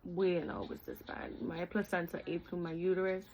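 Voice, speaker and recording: A woman's voice: fairly low pitch, level tone, a little fast, darkish tone, slight background noise, rough recording. A young woman vlogging, telling a personal story in a candid, heartfelt, chatty way, full of "like" and "literally".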